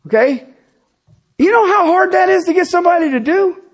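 A pastor in his fifties preaching a sermon in a lively, conversational way, with casual asides to the congregation. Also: very high voice, fairly quick.

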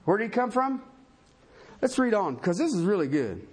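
A male pastor preaching a sermon, reading scripture aloud and swinging between loud rising emphasis and low, quiet folksy asides. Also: big pitch swings, normal speed, slightly rough.

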